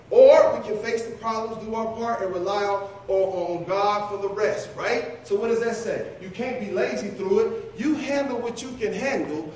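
Heard from a distance in an echoey church sanctuary, a middle-aged man with a high voice preaches a conversational sermon, teasing his listeners playfully and calling on them by name. There's a little hiss or hum in the recording.

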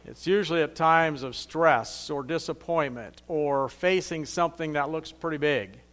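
Man preaching, conversational sermon, reads scripture aloud, fairly high voice. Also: normal speed, a bit bright.

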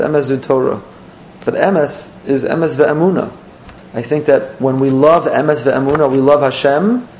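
Rabbi preaching, gravelly voice, slow emphatic storytelling, faint room hiss. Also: male voice, medium pitch, a little mellow. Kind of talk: sermon.

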